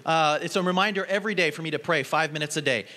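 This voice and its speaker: A man's voice: on the high side, fast, sharp tone. A man giving an earnest, storytelling conference talk to an audience in a large hall. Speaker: conference speaker. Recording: long hall reverb.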